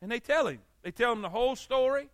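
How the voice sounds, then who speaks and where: A man's voice: very high voice, expressive, fast, fairly bright tone, no room sound, studio quality. A man preaching an evening sermon in a folksy way, repeating his phrases and calling for amens. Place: church service.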